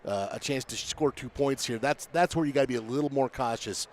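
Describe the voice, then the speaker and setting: Man, color commentator, conversational, explains strategy, mid-pitch, faint noise. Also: brisk.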